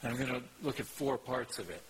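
A man preaching a sermon as pastor, teaching in an earnest, measured way and reading scripture aloud. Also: medium pitch, slight background noise, rough recording.

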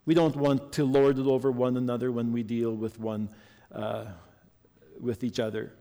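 A man's voice: mid-range voice, little pitch movement, moderate pace, mellow. A man preaching a sermon earnestly and reading a story to his congregation. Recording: long hall reverb.

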